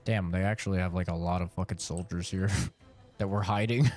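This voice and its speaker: A man's voice: low-pitched, fairly even intonation, fairly quick, darkish tone, soft background music. A man streaming a video game, commenting casually in a blunt, profane, sarcastic way.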